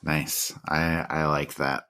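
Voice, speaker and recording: A man with a very low voice hosts a relaxed podcast conversation. He builds his questions slowly and haltingly, working out his thoughts aloud as he speaks. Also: clean tone. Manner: halting, thinks aloud while asking. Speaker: podcast host. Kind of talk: casual interview.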